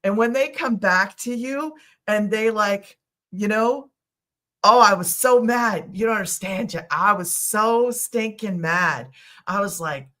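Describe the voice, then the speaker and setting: A woman's voice: mid-range voice, takes it slowly, pushed and bright. Chatty rambling middle-aged woman. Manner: rambling, chatty, with many asides. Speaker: online business host. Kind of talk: casual storytelling to a live audience.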